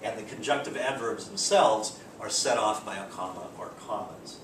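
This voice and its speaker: A man teaching a grammar lecture in a relaxed way, reading out example sentences. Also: normal speed. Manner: relaxed, explains with spoken examples and fillers. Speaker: English teacher. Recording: echoey room, distant mic, background rumble.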